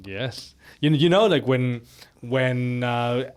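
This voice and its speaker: A man's voice: mid-range voice, slow, slight background noise. A man co-hosting a podcast, talking casually about a film and stumbling over his words as he recaps the plot. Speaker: podcast co-host.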